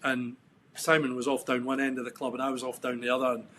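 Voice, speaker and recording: Speaking quickly with a medium, fairly bright voice and little pitch movement, this middle-aged Scot is a podcast guest. His stories come out reflective and rambling, full of restarts and ums, in relaxed interview conversation against slight background noise.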